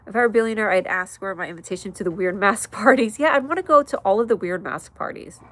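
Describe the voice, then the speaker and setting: This livestream host talks fast at a medium pitch, broadcasting at night from her mom's place. Her chatter wanders as she reads out chat messages, laughing a lot and suddenly yelling with excitement.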